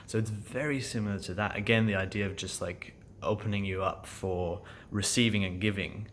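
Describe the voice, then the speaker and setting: Low-voiced man musing in a halting vlog. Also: fairly even intonation, a bit bright, a little hiss or hum. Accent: German. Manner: thoughtful, halting, many fillers and restarts. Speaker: actor vlogging about acting class. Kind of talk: casual reflective vlog.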